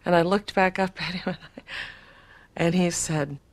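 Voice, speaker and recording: A woman's voice: lowish voice, steady tone, moderate pace. A woman in an archival interview, earnestly recounting a personal experience.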